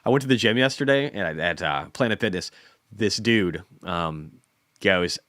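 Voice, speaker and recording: A man's voice: lowish voice, animated, normal speed, a bit bright, no echo, studio quality. A man in his forties hosting a casual stock market livestream, rambling and self-deprecating, often repeating words. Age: 40s.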